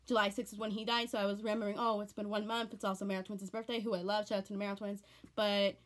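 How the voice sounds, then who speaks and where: A woman's voice: mid-range voice, flat delivery, quick pace, fairly bright tone. A teenage girl chatting casually in a home vlog, rambling and repeating herself in an earnest way. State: tearful, on the verge of crying. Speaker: vlogger.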